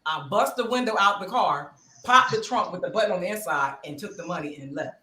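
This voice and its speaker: A woman co-host tells a story with lots of drama and acts out every person in it. Her voice is bright and swings widely in pitch. It sounds like she is in a roomy space with some echo. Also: lively intonation, a little fast. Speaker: podcast co-host. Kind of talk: animated storytelling.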